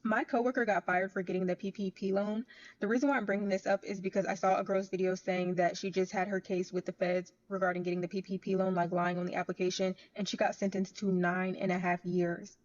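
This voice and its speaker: A woman's voice: mid-range voice, flat delivery, fast. A woman who works in banking, telling a story to camera in a chatty way that repeats points for emphasis. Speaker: bank worker. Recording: dull lo-fi audio.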